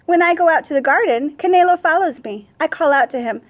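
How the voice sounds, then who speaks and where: A woman who teaches first grade, reading a picture book aloud to children with expressive storytelling and Spanish words spoken with ease. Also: sits high, a little fast.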